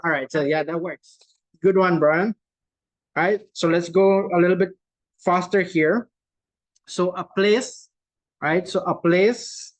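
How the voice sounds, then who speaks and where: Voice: mid-range voice, poor audio. A host running a quiz game over a video call, repeating each clue and tagging lines with "right?" in a loose, chatty way. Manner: repeats each clue slowly, reading out answers from the chat. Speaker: game host at a virtual conference. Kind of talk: casual hosting of a chat quiz game.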